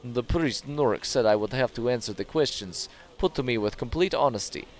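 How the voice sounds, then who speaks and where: A man's voice: medium pitch, lively intonation, brisk, faint music behind, close to an everyday voice. A man voicing a proud, worried tribal wife in a video game, reading her lines plainly and earnestly in his own voice.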